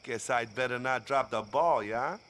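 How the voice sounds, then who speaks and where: An actor playing an easygoing young island father in a game cutscene, speaking in a relaxed, slightly drawling way. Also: mid-range voice, normal speed, slight background noise, close to an everyday voice. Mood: sheepish. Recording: game audio with music.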